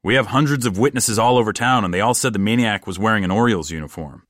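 A weary middle-aged cop who states the facts plainly, as a man puts him on. His voice is low and unhurried. The sound is dry and close-miked. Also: a bit bright, no room sound, natural voice. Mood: matter-of-fact. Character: weary middle-aged male police officer, matter-of-fact.

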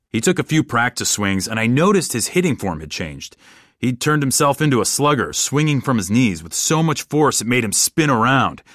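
A man tells a comic story in the first person, deadpan and rambling. His voice sits low and speaks in plain, casual words. The recording is dry, with no room echo.

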